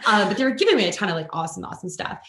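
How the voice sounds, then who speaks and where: Animated woman storyteller, roomy sound. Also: very fast, heavy background noise. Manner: animated, acts out quoted people with big pitch jumps. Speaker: guest, influencer and author. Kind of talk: casual podcast storytelling. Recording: roomy echoing room.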